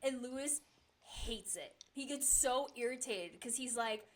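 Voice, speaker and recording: Woman podcast guest, rambly and giggly, highish voice, super casual. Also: a little slow. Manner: chatty, laughs often, many fillers. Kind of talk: casual chat.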